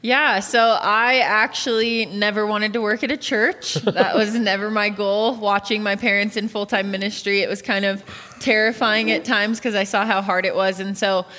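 A woman's voice: medium pitch, fairly even intonation, normal speed, pushed and bright. A woman in her late twenties, a youth pastor, answering interview questions in an earnest, candid way. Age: late 20s. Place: church auditorium stage. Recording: long reverb of a large hall.

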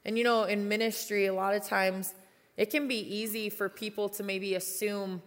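A woman's voice: mid-range voice, level tone, normal speed. A young woman youth pastor giving an earnest, conversational sermon with personal stories. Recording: long reverb of a large hall.

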